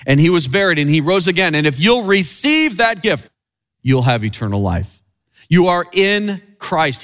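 A man preaching a sermon in an earnest way, rising and falling in pitch and slowing down on key phrases. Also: fairly bright tone. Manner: earnest, swinging high and low for emphasis, slowing on key phrases.

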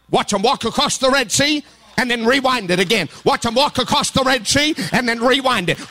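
A man preaching a sermon as pastor, acting out quoted voices with humor and building to sing-song, shouted emphasis. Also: very high-pitched.

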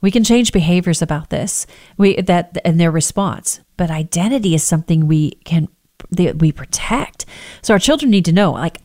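A woman who works in healthcare, giving calm, earnest, emphatic advice to parents. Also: lowish voice, moderate pace.

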